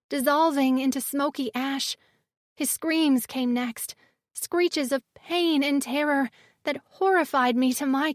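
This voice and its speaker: A woman narrating a sci-fi romance audiobook in the first person, with measured, dramatic storytelling. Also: high-pitched, dry recording, studio quality.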